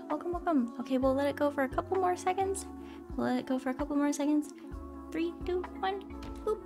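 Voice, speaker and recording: A woman's voice: very high voice, vocal fry. A woman streaming a game, chatting casually, apologizing and greeting viewers by name in a bubbly way. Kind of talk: casual live-stream chat while gaming. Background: game music.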